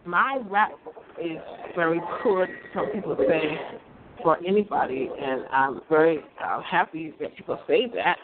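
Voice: medium pitch, measured pace, over a noisy crowd. A vlogger talking casually to the audience, hesitant and self-critical, often repeating words. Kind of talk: casual talk to camera. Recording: tinny phone-like audio with noise.

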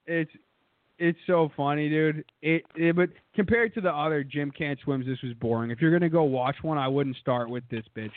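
A man's voice: on the high side, moderate pace, dry recording, narrow, tinny audio. A man co-hosting a podcast, retelling stories in a profane way and putting on mocking voices. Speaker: podcast co-host. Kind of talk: casual storytelling chat.

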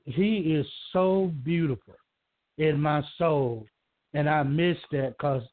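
Male caller, halting and rambling, pitched a bit high, heard over a thin phone line. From Georgia, US. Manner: rambling, halting, many restarts. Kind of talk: emotional call-in talk. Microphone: telephone.

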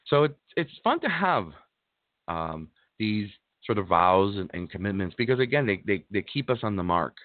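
A man giving an informal Buddhist dharma talk in a gentle, halting way, with frequent restarts and fillers. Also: on the low side, big pitch swings, no room sound. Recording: dry, phone-like narrow sound.

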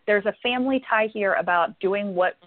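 A woman's voice: mid-range voice, normal speed. A woman giving a psychic reading on a call-in show, affectionate, calling callers honey and sweetie and checking in with "okay?" again and again. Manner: warm, affectionate, repeats "okay?" often. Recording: tinny phone-line sound.

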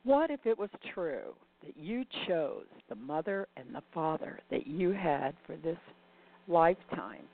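A woman's voice: low voice, very animated, unhurried, vocal fry. An older woman telling a reflective story and posing rhetorical questions to the listener. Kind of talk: reflective spoken monologue. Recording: dry, tinny phone-like sound.

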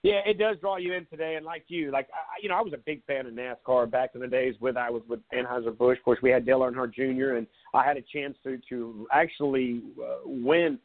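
A man's voice: mid-range voice, steady tone, fairly quick, hardly any pauses. A man in his forties from South Carolina, a sports talk host telling rambling, sarcastic stories in casual live chat. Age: 40s. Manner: rambling storyteller, laid-back and sarcastic. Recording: tinny phone-like line.

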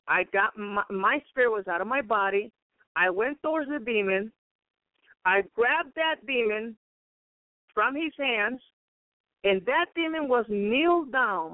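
High-voiced man preaching over a tinny line. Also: dry recording. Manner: rambling, peppered with praise interjections. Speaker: radio preacher. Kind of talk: radio sermon testimony. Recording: tinny phone-like radio line.

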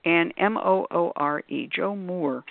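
On a call-in radio panel, a woman author explains things at length in a discursive, scholarly way, full of asides. Her voice is fairly low, creaky, and unhurried, heard over a tinny, phone-like line without echo.

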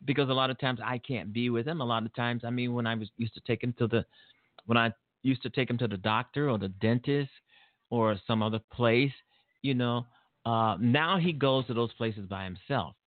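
A man's voice: mid-range voice, moderate pace, no echo. A middle-aged man hosting a casual talk show, rambling and repeating himself as he talks about his son. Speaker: show host. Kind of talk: casual monologue. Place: home studio. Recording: tinny phone-like line.

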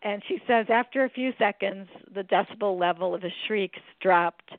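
A woman hosts a podcast and tells funny stories in an animated, chatty way, laughing along with her own punchlines. Her voice comes through narrow and phone-like. The sound is dry and close. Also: medium pitch, moderate pace, no echo. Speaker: podcast host.

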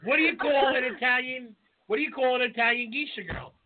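High-voiced man telling a joke. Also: fairly even intonation, quick pace. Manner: sets up jokes and explains the punchline. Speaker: podcast co-host. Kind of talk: casual chat. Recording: tinny phone-like sound.

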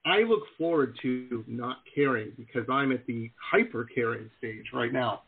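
This middle-aged host has a gravelly, medium-pitched voice and a moderate pace. He chats casually and jokes through an interview, animatedly acting out other people's voices, all over tinny, phone-like call audio.

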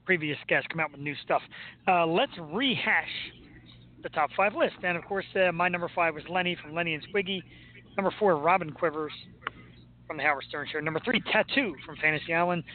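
Joking high-voiced man host, tinny sound. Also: slight background noise. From Philadelphia, US. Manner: joking, rambling, laughs often. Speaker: podcast host. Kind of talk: casual live show chat.

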